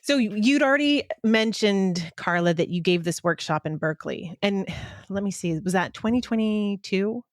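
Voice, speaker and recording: A woman co-hosting a podcast who talks in a casual, rambling way and often pauses to search for her words. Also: mid-range voice, no echo, studio quality. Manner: rambling, hesitant, many fillers and restarts. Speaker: podcast co-host.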